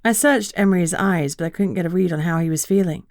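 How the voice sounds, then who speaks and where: A woman narrates a first-person fantasy audiobook with a lower-pitched voice and an even, measured pace. The recording is dry and close, with no room sound. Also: no echo.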